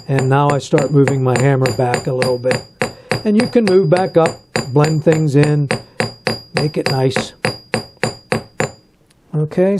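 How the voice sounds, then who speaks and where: A man teaching metal forging in a hands-on demonstration, talking in a relaxed and halting way and repeating words while he works. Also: fairly high pitch. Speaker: metalsmith instructor.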